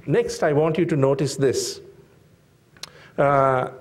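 A man preaching a sermon, slow and deliberate, with frequent fillers and emphatic rhetorical questions to the congregation. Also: medium pitch.

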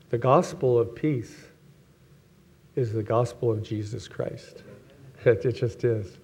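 A man's voice: mid-range voice, slow, pauses often, a little mellow, breathy edge. Chuckling conversational male preacher. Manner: conversational, self-correcting, chuckles often, acts out quoted voices. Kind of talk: sermon with personal stories.

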